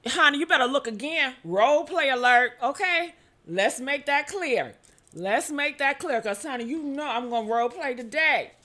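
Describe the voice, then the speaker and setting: Woman host, casual gossip stream, high and bright, exclamatory, lots of "honey" and "okay?", sudden whoops. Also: lively intonation, normal speed. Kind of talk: casual livestream gossip chat.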